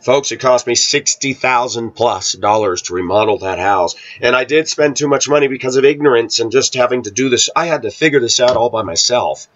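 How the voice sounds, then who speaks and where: A man talking casually to his viewers, telling a rambling personal story and often clearing his throat. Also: mid-range voice, brisk, hardly any pauses, fairly bright tone, lo-fi sound. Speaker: vlogger. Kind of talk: casual monologue to camera.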